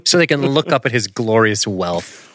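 A low-pitched man swinging his pitch widely as he riffs, swearing freely on a casual film podcast. His voice sits close and dry on the mic, with no room sound behind it. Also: normal speed, no room sound. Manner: profane, riffing, animated. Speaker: podcast co-host. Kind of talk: casual film-review chat.

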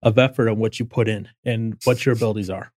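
A man's voice: fairly low pitch, fairly even intonation, quick pace, darkish tone, no room sound. A man hosting a casual political talk, explaining things step by step with frequent restarts. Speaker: podcast host.

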